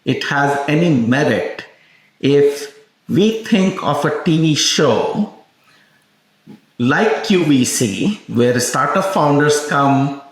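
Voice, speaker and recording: A man's voice: on the high side, expressive, takes it slowly. A man hosting a podcast interview, speaking conversationally in loosely phrased sentences. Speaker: podcast host. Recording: very echoey room.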